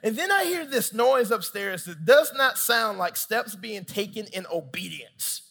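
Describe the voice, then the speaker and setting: High-voiced male pastor preaching. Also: a little slow, vocal fry, long reverb tail. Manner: animated, humorous storytelling with asides to the congregation. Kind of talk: sermon.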